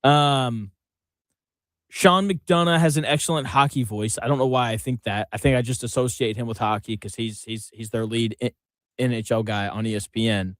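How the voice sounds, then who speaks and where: A man hosting a sports radio show in casual, joking banter, laughing often and tossing in quick asides. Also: mid-range voice, steady tone, a bit bright, dry recording. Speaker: radio sports talk host.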